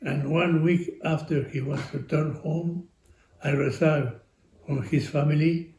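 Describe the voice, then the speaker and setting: An older man from France with a French accent, telling stories in an interview in halting, non-native English full of pauses and fillers. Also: fairly high pitch, steady tone, a little mellow. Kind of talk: storytelling interview. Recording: echoey room.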